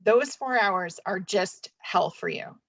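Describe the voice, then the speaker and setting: A woman's voice: mid-range voice, takes it slowly, a bit bright, no echo, poor audio. A woman therapist talking candidly in a casual webinar discussion, chatty and full of fillers. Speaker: DBT therapist.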